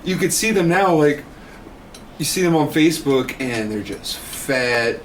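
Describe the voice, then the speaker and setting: A man's voice: a little high, expressive, measured pace, recorded from a distance, a little hiss or hum. A man in a casual podcast chat, making blunt, profane complaints.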